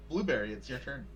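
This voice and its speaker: A man's voice: a little high, low-quality recording. A man running a tabletop game as game master, playful and teasing, with frequent hesitations.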